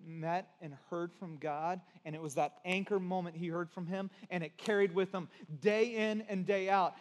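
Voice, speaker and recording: Earnest high-voiced male pastor preaching. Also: fairly even intonation, moderate pace, hardly any pauses, big-room sound. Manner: earnest, swings from hushed to emphatic. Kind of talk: sermon.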